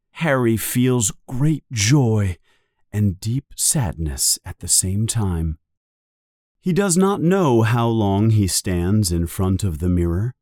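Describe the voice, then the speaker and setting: Guy reading a kids story real slow, lots of ups and downs in his voice. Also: fairly low pitch, no room sound, clean studio sound. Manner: slow, deliberate, expressive. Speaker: narrator.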